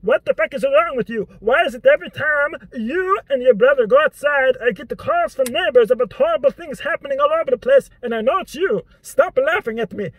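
A man's voice: extremely high pitch, lively intonation, fairly quick, hardly any pauses, no room sound, pitched above the performer's own voice, low-quality recording. A vlogger doing an impression of an exasperated, swearing middle-aged father scolding his kids. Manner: yelling, fed up, grunting.

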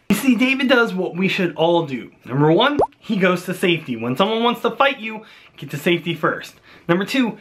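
A young man giving a playful Bible lesson for children, animated and jokey, talking straight to the kids. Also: high voice, brisk, a little hiss or hum.

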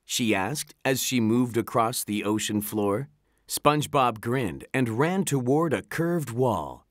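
A narrator reading a children's storybook aloud in an animated, expressive way. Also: medium pitch, slow, no echo.

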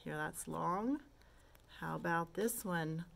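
A woman's voice: low voice, slow, creaky, a little hiss or hum. A woman teaching kindergarteners phonics, patiently modeling and stretching letter sounds and asking simple questions. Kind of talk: slow, patient phonics lesson for young children.

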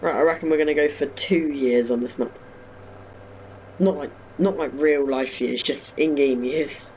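A man's voice: fairly high pitch, normal speed, muffled recording, slight background noise. A young man giving casual commentary while playing a farming game at home, chatting to viewers with self-mocking asides. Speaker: gaming YouTuber. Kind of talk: casual let's-play commentary. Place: home bedroom.

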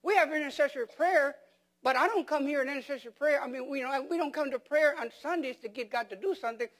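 High-voiced man preaching with emphatic questions. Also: fast talker, a bit bright. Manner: repeats words and restarts phrases for emphasis. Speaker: pastor. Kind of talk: sermon.

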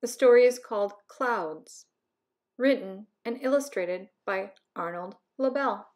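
A woman teacher reading a picture book aloud to young children in a slow, careful, friendly way. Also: mid-range voice, darkish tone.

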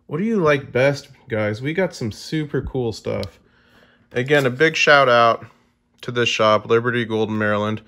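A man's voice: mid-range voice, moderate pace, bright, forceful tone. Chatty man marveling over coins. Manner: chatty, easily amazed, talks to viewers directly. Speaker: coin collecting vlogger. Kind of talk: casual unboxing chat to viewers.

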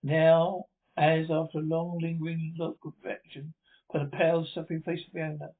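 Gravelly male narrator, tinny sound. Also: fairly high pitch. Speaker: audiobook narrator. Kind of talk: dramatic reading of a Gothic novel. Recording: tinny lo-fi recording.

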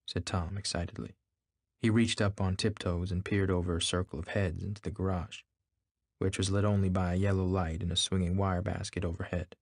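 A man narrating a novel in a measured, steady reading. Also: sits low, no room sound, clean studio sound. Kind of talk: scripted narration.

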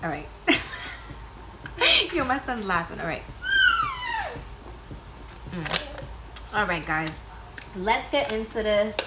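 A woman vlogging casually from home, loud and playful, swearing freely. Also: mid-range voice, lively intonation, slow pace, pauses often, very noisy. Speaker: YouTube vlogger, mother of two. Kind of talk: casual vlog chat. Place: home with kids nearby.

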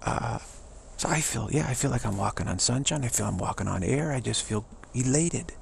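This middle-aged man's voice is strongly gravelly and full of fry, mid-range, animated, and fairly quick. He rambles through an upbeat motivational pep talk, eagerly repeating his points and chuckling often. A faint hiss sits beneath the recording.

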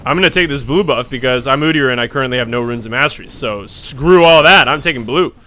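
A young man hosting casual gameplay commentary, excitable, swearing and laughing often. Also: medium pitch, fast. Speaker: gaming channel host.

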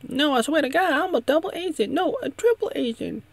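A man doing a frantic falsetto spy woman. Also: lively intonation, brisk, vocal fry, exaggerated voice. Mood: pleading. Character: panicky woman double agent pleading.

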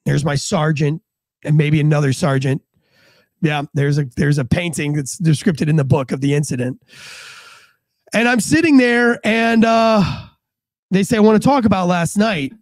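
A man's voice: on the high side, fairly even intonation, unhurried, long pauses, no echo. A man, a former police officer, telling a vivid first-person story and acting out the dialogue in a matter-of-fact way.

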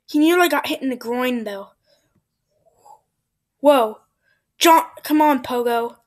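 A woman giving excitable let's play commentary, yelping at mishaps and dropping into whispered asides. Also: high voice, slow. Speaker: gameplay commentator.

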